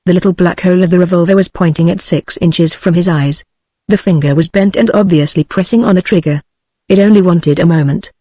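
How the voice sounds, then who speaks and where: A text-to-speech woman's voice with a British accent, narrating an audiobook in an even synthetic delivery. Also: lowish voice, fairly quick, no echo, clean studio sound. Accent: British English.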